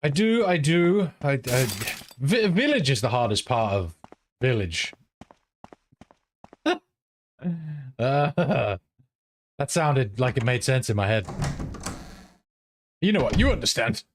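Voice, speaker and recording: A British man streams a game and chats casually with viewers, swearing freely and humming to himself. He speaks slowly in a mid-range, sing-song voice, leaving long pauses. A little hiss or hum sits under the recording.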